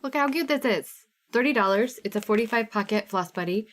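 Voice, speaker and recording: A woman's voice: on the high side, animated, a little fast. Chatty woman hosting a live sale. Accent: Midwestern American. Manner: chatty, reads out viewer names, bubbly. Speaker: host of a live craft sale stream. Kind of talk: casual live-stream chat.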